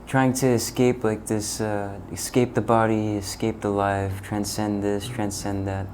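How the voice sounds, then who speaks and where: A man hosting a podcast who muses slowly and reflectively in casual chat. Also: on the low side, flat delivery, darkish tone, slight background noise, low-quality recording. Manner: slow, musing, drawn-out questions.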